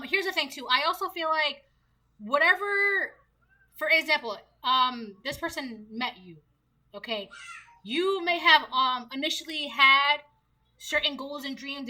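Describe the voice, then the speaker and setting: A woman's voice: sits high, bright, forceful tone. A woman giving a casual tarot reading, chatty and slangy, often laughing between points. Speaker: tarot reader.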